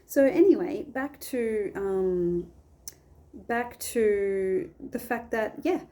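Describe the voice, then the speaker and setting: A woman's voice: medium pitch, lively intonation, drawn-out words, dark tone. A woman chatting casually at home about a Bible story, rambling and restarting her sentences often. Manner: rambling, self-interrupting, many restarts. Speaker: faith vlogger.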